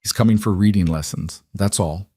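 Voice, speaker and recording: A man's voice: deep voice, normal speed, dark tone, breathy edge, dry recording, studio quality. A man voicing a shy young woman schoolteacher who doubts herself and speaks hesitantly. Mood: anxious. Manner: hesitant, self-deprecating.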